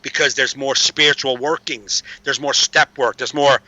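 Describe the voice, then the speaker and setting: A man's voice: medium pitch, steady tone, normal speed, pushed and bright, no room sound, highs cut off. A man telling recovery stories in a casual chat, streetwise and swearing freely. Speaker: podcast guest.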